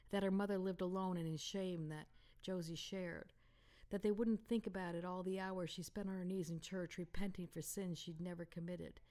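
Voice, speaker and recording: A woman author reading aloud from her romance novel in a calm, intimate manner. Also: fairly low pitch, normal speed. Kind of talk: audiobook narration.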